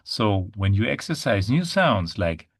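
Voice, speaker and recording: Man, language teacher, patient, repeats words, slow unhurried pace, lowish voice. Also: very animated. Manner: patient, repeats words slowly for students to copy. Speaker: German teacher. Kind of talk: pronunciation lesson.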